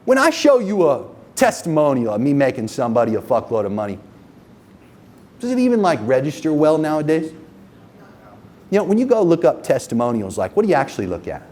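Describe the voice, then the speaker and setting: A man's voice: on the high side, wildly swooping pitch, a little fast, a little mellow. A man giving a live seminar to a room of business owners, profane and emphatic, checking in with the audience with questions like "okay?" and "right?". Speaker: marketing agency owner presenting a workshop.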